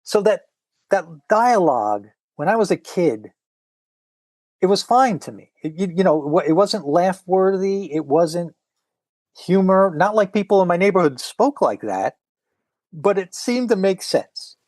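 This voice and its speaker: A middle-aged man in casual podcast chat, animated and reading comics aloud with voices. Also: sits high, a little slow, dry recording. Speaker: podcast guest.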